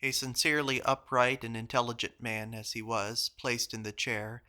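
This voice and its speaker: A man reading old journal entries aloud in a measured, even manner. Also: mid-range voice. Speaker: reader of journals. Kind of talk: audiobook reading.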